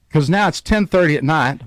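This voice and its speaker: A man's voice: fairly high pitch, no echo, clean studio sound. A man hosting a radio show tells a travel story. He acts out the people he quotes. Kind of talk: animated storytelling. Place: radio studio.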